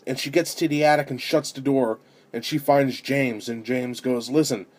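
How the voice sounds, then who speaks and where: A man giving a casual spoken film review, animated as he retells the story, with fillers and restarts. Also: mid-range voice, moderate pace. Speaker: amateur movie reviewer.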